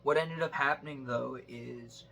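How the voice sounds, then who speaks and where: A man's voice: mid-range voice, unhurried, vocal fry, pushed and bright. A young man telling a rambling story in casual chat at a sleepover, with lots of fillers and laughter. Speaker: guest telling stories. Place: indoors at a sleepover.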